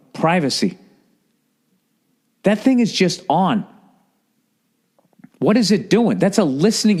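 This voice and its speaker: A man, talking in a rambling, profane, animated monologue as a podcast host. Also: mid-range voice. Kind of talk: casual monologue.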